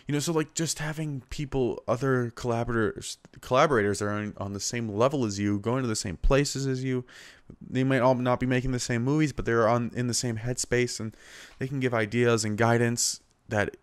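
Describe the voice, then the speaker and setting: A man's voice: medium pitch, steady tone, brisk, no echo. A young man hosting a casual solo podcast, talking in a rambling, self-deprecating way full of fillers and restarts, recorded on a small handheld recorder. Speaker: podcast host.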